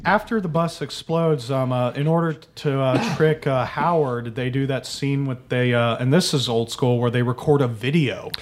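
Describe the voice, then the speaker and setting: A man co-hosting a casual movie chat, explaining scenes in a measured way. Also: mid-range voice. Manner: measured, informative, with fillers. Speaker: podcast co-host.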